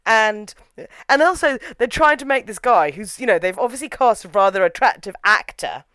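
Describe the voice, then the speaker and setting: A young woman reviewing a horror film in casual chat, animated and opinionated with quick asides. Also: medium pitch, dry recording. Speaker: film reviewer, podcast co-host.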